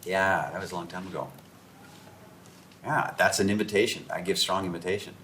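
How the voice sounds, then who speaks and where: A man's voice: sits low, fairly quick. A man from Canada, an author and host, telling stories at a round-table discussion and acting out the dialogue as he goes. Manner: animated storyteller who acts out dialogue. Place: room around a table. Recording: roomy echo, faint background noise.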